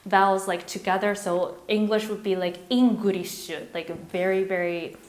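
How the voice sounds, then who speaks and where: Guest, woman, 30s, American accent, reflective storyteller, mid pitch, echoey room. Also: little pitch movement, normal speed. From Japan. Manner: reflective, storytelling, loose with fillers. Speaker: interview guest, model. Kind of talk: casual interview conversation.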